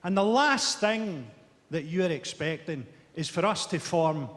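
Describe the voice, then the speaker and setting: A Scottish man in his forties doing a stand-up routine before a live audience, delivering dry, dark one-liners with sharp punchlines. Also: fairly high pitch, animated, unhurried. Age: 40s. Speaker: stand-up comedian. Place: large theatre stage. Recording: echoey theatre stage with roaring crowd.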